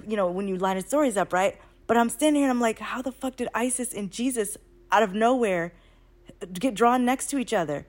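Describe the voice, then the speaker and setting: A woman talking at home at night in a rambling, excitable casual monologue, full of swearing and slang. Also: medium pitch, a little fast. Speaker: spiritual channeler.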